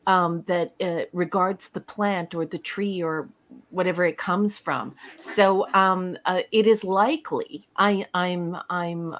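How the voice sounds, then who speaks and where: Woman guest, lower voice, talks things through with lots of ums. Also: fairly bright tone. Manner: rambling, many ums and uhs, explanatory. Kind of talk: casual chat.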